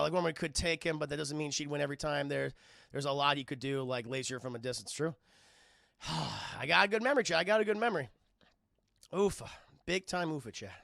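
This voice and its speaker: Excitable, gravelly, high-voiced streamer. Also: male voice, no room sound, clean studio sound. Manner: excitable, profane, laughs often, chatting with viewers; acts out scenes in exaggerated voices. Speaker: streamer and film reviewer. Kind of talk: live-stream casual film review.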